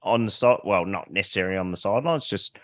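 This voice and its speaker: A man's voice: sits low, fast talker, a bit bright, no echo, studio quality. A man co-hosting a sailing podcast, laid-back with a wry sense of humour in casual chat. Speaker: podcast co-host.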